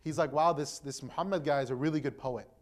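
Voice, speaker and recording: A young man, an imam, retelling a story to a gathering in a relaxed, conversational way, full of fillers and restarts. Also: a little high, quick pace. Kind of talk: casual storytelling talk.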